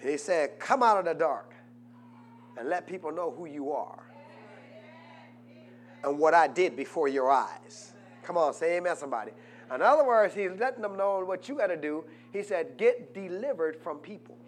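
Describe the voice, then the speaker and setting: A man pastor preaching a sermon and drawing answers from the congregation, swinging from quiet asides to loud, fervent peaks. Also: on the high side, animated, moderate pace, slight background noise. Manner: rises to loud preaching, asks congregation "what?". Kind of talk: call-and-response sermon.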